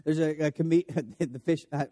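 Pastor, male, high voice with a warm, mellow tone; casual sermon delivery, restarts his phrases, light humor. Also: steady tone, unhurried. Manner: casual, self-correcting, with joking asides. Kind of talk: conversational sermon.

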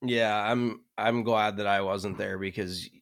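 A young man co-hosting a podcast in relaxed, chatty conversation. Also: fairly low pitch, unhurried. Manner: relaxed and chatty, frequent fillers. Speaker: podcast co-host. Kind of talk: casual chat.

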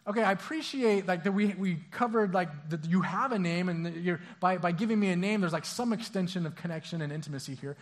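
A young man preaching a casual sermon as a pastor, acting out characters in a lively, conversational way with frequent restarts. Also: high voice, fairly quick, few pauses. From Southern California. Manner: casual, animated, acts out voices, stammering restarts.

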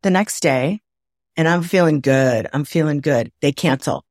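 A woman from the Midwest with a low voice, speaking as an interview guest over a video call from home. She tells her stories with energy and slips into playful inner dialogue. The recording is close and dry. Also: measured pace, no echo. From Midwest of the United States. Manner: lively anecdotes, acts out her own inner voice. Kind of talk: conversational storytelling. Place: home, indoors.

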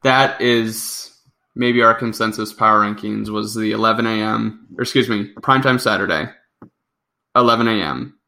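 Gravelly, bright-toned man chatting. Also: on the low side. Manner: rambling, self-correcting. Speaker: podcast co-host. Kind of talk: casual chat.

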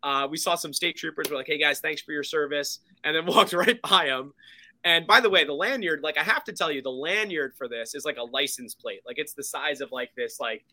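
A man telling a story in an excited, casual way, with many fillers. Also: fairly high pitch, brisk, dry recording. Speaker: podcast guest.

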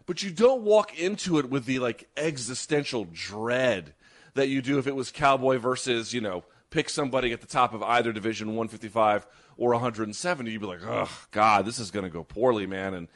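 Guy cohosting a sports talk show, quick and opinionated, middle pitch. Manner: fast, animated, opinionated. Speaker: podcast co-host. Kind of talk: casual sports chat.

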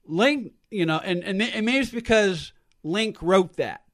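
A man's voice: high-pitched, lively intonation, unhurried, fairly bright tone. A man hosting a casual panel chat, often repeating words as he restarts. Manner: stammering restarts. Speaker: host.

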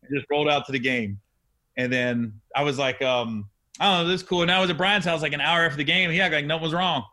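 A man in his forties, a comedian hosting a casual chat, telling animated stories with lots of laughter. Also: fairly high pitch, fast talker. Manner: animated, laughing, acts out quotes. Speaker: podcast host, comedian.

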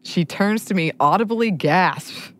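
A woman's voice: sits low, lively intonation, moderate pace. A woman co-hosting a podcast, chatting casually and laughing often. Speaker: podcast co-host.

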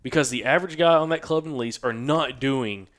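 A man with a Southern US accent co-hosting a hunting podcast, telling stories with lively voices for the people he quotes. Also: medium pitch, fairly quick. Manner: animated storyteller, acts out quoted people. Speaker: podcast co-host. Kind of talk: casual hunting podcast chat.

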